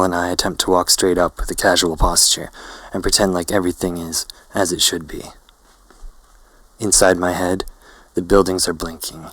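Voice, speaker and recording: A man reads a first-person novel aloud in a slow, hazy, poetic way. His voice is deep and flat. The recording is dry and close. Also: husky, dry recording, rough recording. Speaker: narrator. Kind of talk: literary first-person narration.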